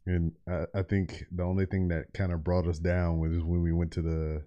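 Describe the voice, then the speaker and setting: A man co-hosting a chat, recalling things in a relaxed, rambling way. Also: low voice, normal speed, highs cut off. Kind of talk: casual chat.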